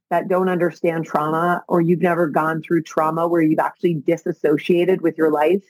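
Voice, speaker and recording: Breathy, earnest woman podcast host. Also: lowish voice, darkish tone, no room sound, rough recording. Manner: earnest, repetitive, builds to emotional intensity. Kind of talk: solo motivational podcast talk. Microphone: video call.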